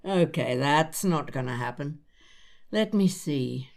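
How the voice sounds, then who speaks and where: Older woman host, animated pitch, gentle and reassuring, casual chat. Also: takes it slowly, slight background noise. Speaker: podcast host. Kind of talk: casual chat between old friends.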